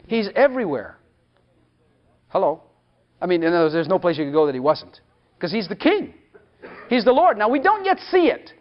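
A man delivers an emphatic sermon in a strikingly high voice that swoops up and down. He keeps asking the congregation questions and slips into speaking as God. The recording sounds dull and lo-fi. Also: sing-song, normal speed, long pauses. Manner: emphatic, rhetorical questions, acts out God's voice. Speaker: preacher.

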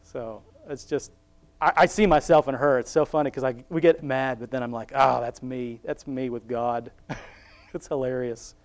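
A man's voice: mid-range voice, steady tone, moderate pace. Chatty man laughing through a Bible reflection. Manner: rambling and self-mocking, laughs often, acts out quoted voices. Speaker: Christian speaker sharing a Bible reflection. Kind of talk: casual devotional talk.

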